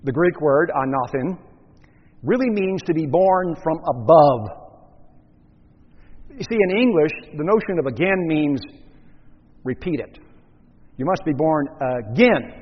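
A man preaching a teaching sermon, measured and explanatory, asking the listeners rhetorical questions. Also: a little high, breathy edge. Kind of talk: expository sermon. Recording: muffled, echoey hall recording.

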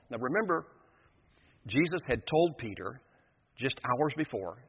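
A man's voice: mid-range voice, lively intonation, unhurried, a little hiss or hum. An older man preaching a sermon, retelling a scripture story with vivid, emphatic storytelling. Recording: dull lo-fi sound in a reverberant hall.

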